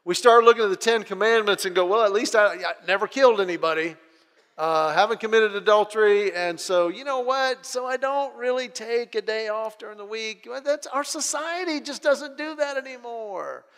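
A middle-aged man delivers a sermon from the pulpit, his voice pitched high. He tells family stories and slips into his children's voices, and the sound carries with the long reverb of a large hall. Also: normal speed, a bit bright. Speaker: pastor.

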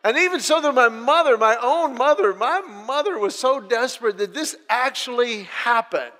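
A middle-aged man telling funny personal stories to an audience in an animated, self-deprecating way, often restarting his phrases. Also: very high voice, moderate pace, long reverb tail. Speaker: speaker sharing a personal testimony. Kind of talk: humorous personal storytelling.

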